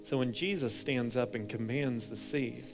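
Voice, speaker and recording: A young adult man preaching a sermon as pastor, moving between hushed, intense passages and loud, animated storytelling. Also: mid-range voice, moderate pace, over music.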